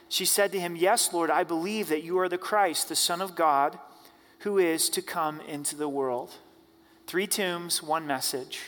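A man preaching an Easter sermon as pastor, reading scripture aloud and then preaching on it with measured emphasis. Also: sits high, fairly bright tone. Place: church sanctuary. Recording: church hall with long reverb.

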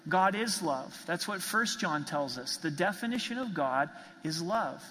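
A man's voice: fairly high pitch, expressive, unhurried, hardly any pauses, pushed and bright, big-room sound, low-quality recording. A man preaching a sermon as pastor, earnest and emphatic, driving points home with repeated phrases.

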